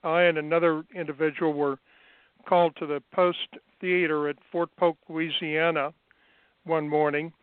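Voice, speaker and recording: A man as an interview guest, recounting his past in an unhurried, measured way with frequent fillers, heard over a phone line. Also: on the high side, little pitch movement, clear, resonant tone, no echo. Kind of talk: remote interview, recounting experiences.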